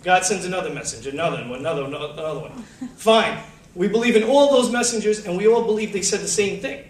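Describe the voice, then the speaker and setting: A man on a panel, telling religious stories to an audience in a lively, slangy way and acting out the quotes, recorded in a college lecture hall. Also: high voice, fast talker. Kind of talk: casual religious storytelling to an audience. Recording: echoey hall, distant mic, faint hum.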